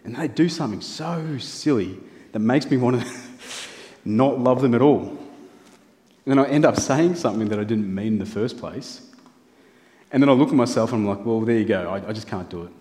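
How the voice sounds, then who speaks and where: Man preaching, earnest, rhetorical questions, mid-pitched voice, long hall reverb. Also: lively intonation, normal speed, darkish tone. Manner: earnest, building through rhetorical lists and questions. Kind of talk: sermon. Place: church hall.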